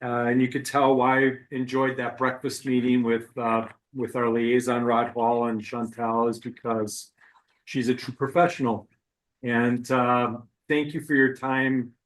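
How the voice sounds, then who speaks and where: A man chairing a board meeting, speaking haltingly with many uhs. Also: mid-range voice, level tone, low-quality recording. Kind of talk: thanking remarks at a meeting.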